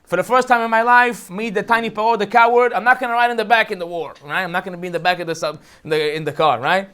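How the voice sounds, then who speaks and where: A bragging, undersized Egyptian king, as a man puts him on while telling a story. He talks fast and high, cocky and wheeling and dealing. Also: sharp tone, clear, resonant tone. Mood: boastful. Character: boastful little Egyptian king, male, adult.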